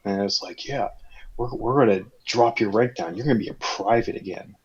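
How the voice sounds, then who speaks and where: Husky guy spinning a story on a podcast, acts out the quotes, kinda muffled lo-fi mic. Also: lowish voice, a little fast. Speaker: podcast co-host. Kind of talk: casual storytelling.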